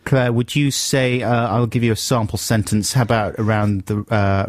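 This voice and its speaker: A man's voice: lowish voice, steady tone, a little fast. A man co-hosting a radio show from a studio, teasing and joking with his co-host and guest. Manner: jokey, teasing, laughs often. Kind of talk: playful radio banter. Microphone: studio microphone.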